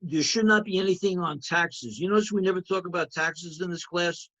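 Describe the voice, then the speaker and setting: A man's voice: sits high, fairly quick, a bit bright, highs cut off. A man teaching an accounting review lecture, emphatic, repeating key points and checking in with students. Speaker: accounting instructor.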